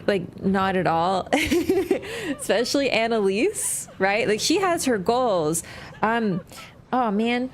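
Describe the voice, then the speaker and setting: Lively, chatty woman streaming a game. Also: fairly high pitch, a little hiss or hum. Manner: chatty, swears freely, laughs, answers chat. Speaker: livestreamer. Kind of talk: casual gaming livestream commentary.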